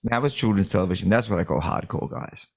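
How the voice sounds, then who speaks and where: A man chatting casually as a podcast guest, relaxed and quick to laugh. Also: deep voice, creaky.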